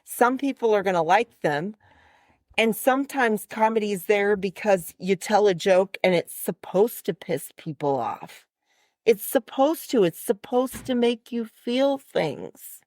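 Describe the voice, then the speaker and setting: A woman's voice: medium pitch, lively intonation, unhurried, a little mellow, no room sound, studio quality. A woman co-hosting a podcast, telling a story in a casual chat and acting out both sides of the conversation. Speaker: podcast co-host.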